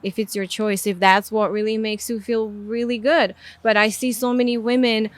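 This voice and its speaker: A woman's voice: fairly high pitch, level tone, dry recording. A woman from Armenia, a guest on a podcast, speaking earnestly and emphatically in casual conversation. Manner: earnest and emphatic, quick affirmations. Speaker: podcast guest, music video director.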